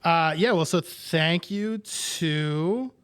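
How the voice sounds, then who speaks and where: A man's voice: a little high, very slow, a bit bright, clear, resonant tone. A man co-hosting a podcast in casual chat, dropping dry, wry asides. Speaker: podcast co-host.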